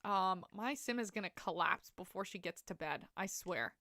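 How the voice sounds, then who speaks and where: A woman's voice: mid-range voice, normal speed, sharp tone, no room sound, clean studio sound. A young woman streaming a life-sim game, chatting to her viewers in a rambling, laugh-filled way. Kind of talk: casual live-stream chat.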